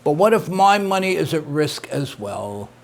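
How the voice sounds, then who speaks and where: A man's voice: a little high, very animated, moderate pace, vocal fry. A middle-aged man, a rabbi teaching an interactive class, who repeats his points and praises his students' answers.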